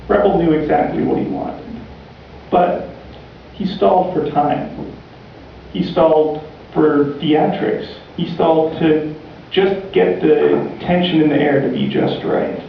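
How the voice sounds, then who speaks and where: A man preaching by telling a story in slow, deliberate steps, his voice a touch high for a man. He sounds far from the mic in a big, heavily echoing church, captured on a dull, muffled recording. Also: gravelly, slight background noise. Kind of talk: sermon storytelling.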